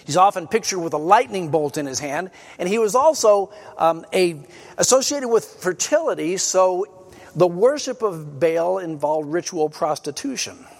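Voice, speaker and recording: A man's voice: high voice, expressive, moderate pace, creaky, big-room sound. A man preaching a sermon, explaining scripture in an earnest teaching manner and reading passages aloud with emphasis. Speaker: pastor.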